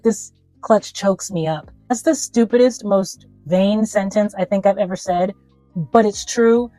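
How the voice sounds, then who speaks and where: Chatty lady vlogger going over fashion finds, lowish voice, dry close sound, faint music behind. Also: darkish tone, dry recording, low-quality recording. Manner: chatty, emphatic and playful. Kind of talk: casual product review.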